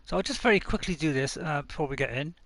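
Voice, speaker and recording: A man's voice: a little high, animated, fast, fairly bright tone, dry recording. A man live-streaming a game from home, chatting casually and rambling with little chuckles, close to his desk mic. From United Kingdom. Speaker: gaming streamer. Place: home room.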